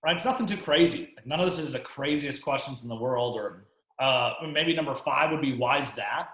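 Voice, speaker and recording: A relaxed man explaining sales conversations in a casual coaching webinar, mid-pitched, with fillers and easy laughs. The room around him is echoey. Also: fairly quick. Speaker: real estate coach co-hosting a webinar.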